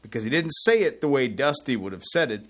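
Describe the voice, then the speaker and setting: A man's voice: mid-range voice, fast. A middle-aged man, co-hosting a casual radio talk show and telling long rambling stories. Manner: rambling storyteller, animated when excited. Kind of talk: casual on-air chat.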